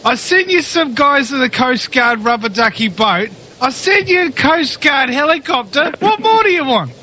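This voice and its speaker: Guy doing god all fed up and blunt, high pitched, faint hiss behind. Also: lively intonation, normal speed, bright, forceful tone, full character voice, poor audio. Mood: exasperated. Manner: blunt, incredulous listing. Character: exasperated God, plain-spoken male deity.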